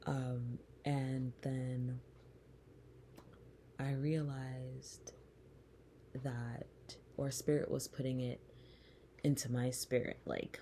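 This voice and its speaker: Slow, low-voiced reflective woman. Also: little pitch movement, a little hiss or hum. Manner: soft, slow and reflective, often breathy. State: close to tears. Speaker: podcast host. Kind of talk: personal storytelling monologue.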